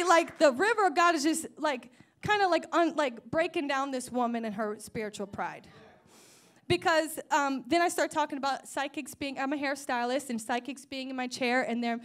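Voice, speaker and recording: A woman giving a lively testimony at a church service, building up to excited shouting. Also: high-pitched.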